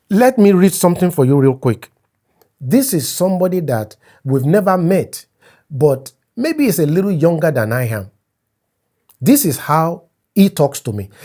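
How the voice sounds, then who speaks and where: Man, from Africa, opinion vlog, emphatic, repeats himself, warm mellow tone, husky. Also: a little high. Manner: emphatic and repetitive, stressing key words. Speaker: commentator.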